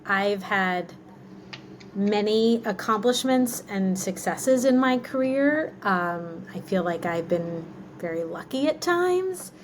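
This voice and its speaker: A woman's voice: mid-range voice, animated, slow pace, slight background noise, poor audio. Candid woman guest, chatty with fillers. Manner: candid, reflective, many "like" and "um" fillers. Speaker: guest, marketing executive. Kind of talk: casual interview answers.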